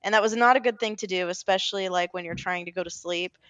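A woman co-hosting a casual podcast, telling stories in an animated, rambling way, full of fillers and self-corrections. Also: on the low side, fast talker, a loud crowd. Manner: animated storytelling, often laughing. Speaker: podcast co-host. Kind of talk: casual chat.

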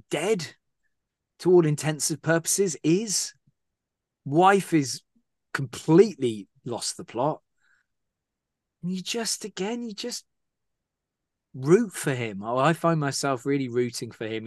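A man's voice: mid-range voice, no echo, studio quality. A man co-hosting a book podcast, talking enthusiastically and loosely with lots of fillers and laughter. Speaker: podcast co-host discussing a novel. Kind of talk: casual book discussion.

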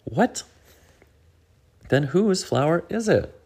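A man's voice: takes it slowly, gravelly, husky, heavily acted. A man voicing an eager, possessive young male squirrel for a storybook, raised and bouncy. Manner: excited, high and bouncy.

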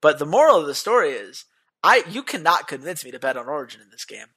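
Podcast co-host, casual and argumentative, very lively intonation. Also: medium pitch, fast talker, slightly rough. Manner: animated, argumentative. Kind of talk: casual esports betting chat.

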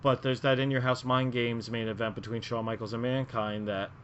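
A man's voice: mid-range voice, level tone, fairly quick, a bit bright, slight background noise. Rambling man on a muffled podcast. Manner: rambling, lots of filler words and restarts. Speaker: podcast co-host. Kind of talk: casual wrestling podcast chat. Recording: muffled lo-fi audio.

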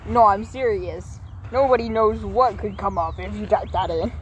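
A woman's voice: medium pitch, moderate pace. A woman chatting casually as co-host, playful and teasing, joking between the dogs and her friend. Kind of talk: casual chat. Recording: noisy background.

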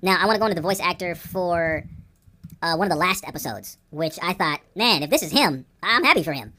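A man in his forties co-hosting a podcast in a relaxed chat. He talks fast, swooping up and down in pitch, and hops excitably from one thought to the next. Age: 40s. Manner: animated and excitable, jumping between topics. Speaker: podcast co-host. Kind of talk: casual chat. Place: Phoenix, Arizona.

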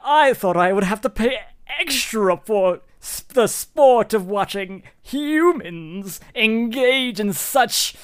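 Someone doing a pompous, prim rich gentleman. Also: medium pitch, expressive, smooth, pitched above the performer's own voice. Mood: scandalized. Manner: pompous, drawn-out.

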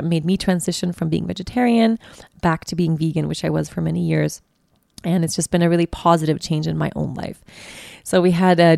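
A woman hosting a solo podcast, speaking in a casual and reflective way from a bed in a guest bedroom. Her voice sits fairly low and has a gravelly, fry-edged texture. The sound is dry and close, and she often circles back and restarts her sentences. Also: a little mellow, dry recording. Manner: reflective, heartfelt, with frequent restarts. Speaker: podcast host.

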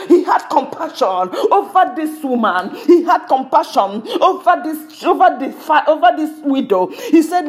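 A woman's voice: high voice, expressive, moderate pace, hardly any pauses. A woman preaching a sermon, fervent, with lots of repetition.

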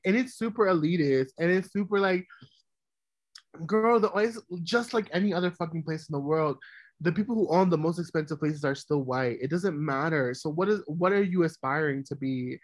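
A woman's voice: deep voice, dry recording. Emphatic ranting woman, casual chat. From New York. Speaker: podcast co-host.

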